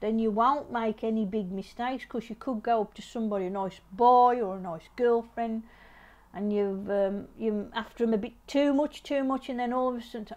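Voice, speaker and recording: A middle-aged woman, giving a casual tarot reading to camera in a repetitive, gently advising way with frequent restarts. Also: a little high, normal speed. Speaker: tarot reader.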